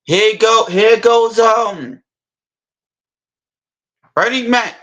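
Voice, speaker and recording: A storyteller with a high, slightly bright male voice rambles casually through a movie scene, halting, restarting and repeating himself often. The recording is rough.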